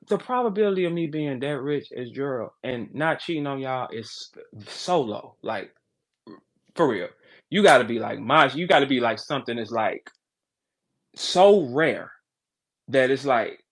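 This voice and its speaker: A man ranting crudely and loudly in a casual talk, profane and joking. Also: mid-range voice, lively intonation, measured pace. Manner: loud, profane, jokey. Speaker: battle rapper on a live audio chat.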